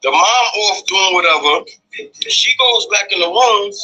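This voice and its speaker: A man retelling a news story in an excitable, profane way, acting out the people in it. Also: sits high, measured pace, poor audio. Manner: profane, excitable, acts out the dialogue. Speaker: storyteller in a clip.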